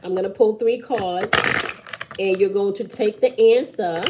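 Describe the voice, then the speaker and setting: A woman's voice: medium pitch, measured pace, noisy background. A woman giving a live-stream tarot reading, blunt and preachy, swearing freely and asking "okay?" again and again. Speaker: tarot reader.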